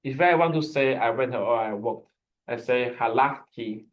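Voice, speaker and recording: On a video call, a Hebrew teacher of average pitch leads students through a language lesson. He explains slowly and patiently, often stopping to restart sentences, and the audio sounds dull.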